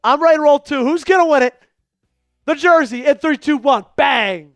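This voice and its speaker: Calling the game and hyping donors and the raffle, a male livestream host keeps a casual, hyped energy for his fans. His voice is very high and fairly bright at a normal speed, with no echo and faint background music.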